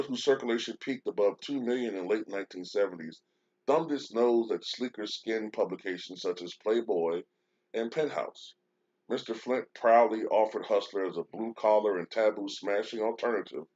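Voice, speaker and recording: A man with a very low voice talks casually on his show, pausing often with fillers and restarting his sentences. At times he reads an article aloud. The recording is dull and lo-fi. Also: darkish tone. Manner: hesitant, many fillers and restarts. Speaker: show host. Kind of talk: casual commentary, reading a news article aloud. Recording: dull lo-fi sound.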